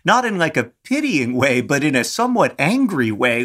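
A man's voice: medium pitch, sing-song, a little fast, hardly any pauses, fairly bright tone. A man co-hosting a podcast in casual chat over a remote call, joking in a wry, mock-earnest way. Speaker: podcast co-host.

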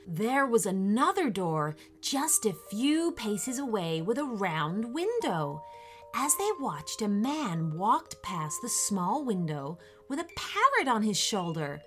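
A woman reading a children's story aloud in a gentle, expressive way, with faint music behind her. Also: mid-range voice, slow. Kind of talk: scripted children's story narration.

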